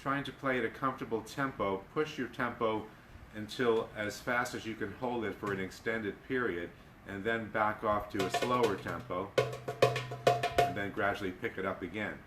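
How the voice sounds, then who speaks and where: A man teaching darbuka rolls in a live lesson, explaining in a relaxed, halting way with fillers and chanting drum syllables. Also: on the low side, over music. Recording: echoey room with loud drumming. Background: darbuka drumming.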